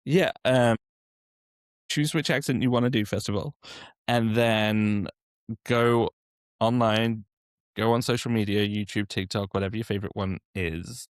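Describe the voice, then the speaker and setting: A man's voice: lowish voice, fairly even intonation, a little slow, long pauses, clean tone, dry recording, clean studio sound. A man who works as a dialect coach, answering interview questions with practical, step-by-step advice. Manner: practical, encouraging, explains step by step.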